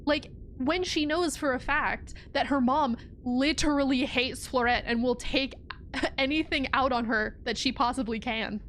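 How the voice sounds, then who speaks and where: A woman's voice: sits high, fairly even intonation, unhurried, fairly bright tone, slight background noise. A young woman streaming a game, talking casually and animatedly, swearing often and sounding exasperated. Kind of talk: casual gameplay commentary.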